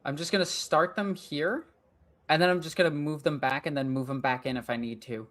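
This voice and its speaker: A woman's voice: sits low, steady tone, brisk. A woman narrates her own strategy game as she plays. She thinks aloud in a casual, self-directed way, grumbling and swearing at her losses while she plans her moves. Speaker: gaming channel host. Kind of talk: let's play commentary.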